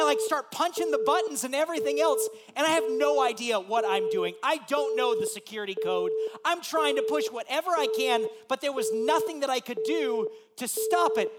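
A man, a pastor, telling a lively personal story in a sermon and acting out the voices in it. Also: very high voice. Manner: animated, acts out voices in his story.

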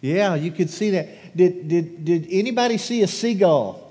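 A pastor reading scripture and then leading a lively children's sermon, questioning the congregation with animated energy. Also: male voice, sits high, moderate pace. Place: church sanctuary. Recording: long echo of a large church hall.

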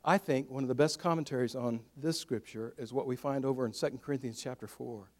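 A male pastor preaching a sermon in a storytelling way, swinging from loud to hushed. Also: mid-range voice, quick pace.

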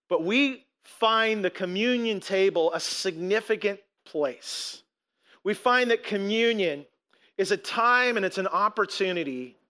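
A pastor in his forties preaches to his congregation in a church. His voice sits high and sounds bright and forceful. He speaks earnestly, repeating and restarting phrases and slowing down to stress key words. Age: 40s. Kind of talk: sermon. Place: church sanctuary with rows of seats.

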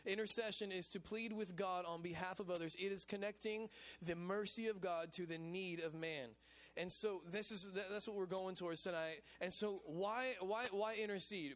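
High-voiced man preaching casually. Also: normal speed, hardly any pauses, fairly bright tone. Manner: casual and chatty, with repeated "man" and "you know what I'm saying". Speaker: pastor of a college ministry. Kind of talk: lively sermon. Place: church service.

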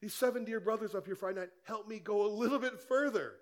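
A man's voice: high voice, fast. A male pastor preaching a sermon in a conversational way, firing rhetorical questions at the congregation in church.

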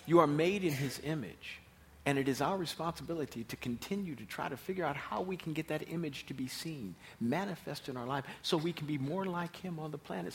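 A man preaching a sermon as pastor, emphatic and repeating his key phrases. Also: a little high.

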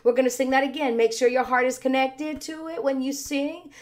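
A woman leading an online worship service, preaching in an earnest, conversational way with a slightly raspy voice. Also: high-pitched, level tone, brisk. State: a little raspy. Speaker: worship leader. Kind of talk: sermon with worship singing.

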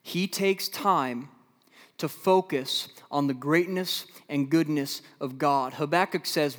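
A man preaching a sermon as a pastor, from the American Midwest, swinging between loud emphatic stretches and low, slow, quiet passages. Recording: long hall reverb.

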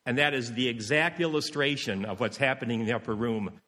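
A man's voice: medium pitch, brisk, sharp tone. Man preaching, punchy and repetitive, sound rings out in a big hall. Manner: emphatic, repeats key phrases, acts out quoted voices. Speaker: pastor. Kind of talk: sermon.

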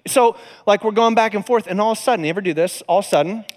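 A man's voice: high voice, racing, slight background noise. A man preaching in a conversational, storytelling way, acting out the voices in his stories. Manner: animated, conversational, acts out voices in quotes. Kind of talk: storytelling sermon. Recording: long hall reverb.

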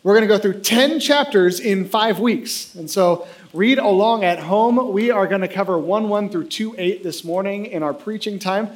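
A man in his thirties preaching a sermon, telling a self-deprecating funny story in an animated way. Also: high voice, moderate pace. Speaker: pastor.

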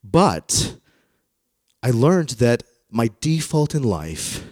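A man in his thirties preaching a sermon through personal stories, in a conversational, self-deprecating manner that grows animated when he retells dialogue. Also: medium pitch, drawn-out words, dry recording, studio quality. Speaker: pastor. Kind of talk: storytelling sermon.

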